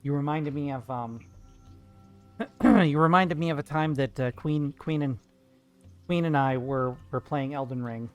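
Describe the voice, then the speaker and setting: Male art streamer, slightly higher voice, playful and jokey, casual live chat over faint music. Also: unhurried, pauses often, clear, resonant tone. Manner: playful, jokey, chatty with viewers.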